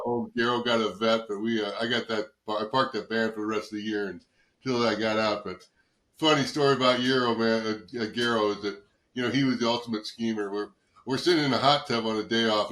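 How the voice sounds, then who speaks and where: An older man spins loose, profane anecdotes, slipping into the voices of people he quotes. His tone is bright and forceful. The room gives it a roomy echo. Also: lowish voice, steady tone, a little fast. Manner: rambling anecdotes, swears, acts out quoted voices. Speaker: guest, former football player. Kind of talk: casual storytelling interview.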